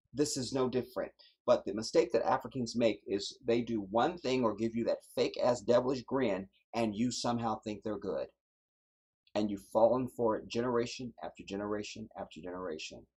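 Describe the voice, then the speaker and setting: A man with a husky, slightly breathy voice delivers livestream commentary. He talks in an emphatic, preaching way and hammers his points by repeating phrases. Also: mid-range voice. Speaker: livestream host.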